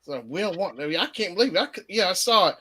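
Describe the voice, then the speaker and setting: A man's voice: high-pitched, lively intonation, a little fast, pushed and bright, husky. A man hosting a casual live chat show, laughing often and humming bits of songs between remarks. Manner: laughs often, hums and sings snatches of songs. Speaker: show host.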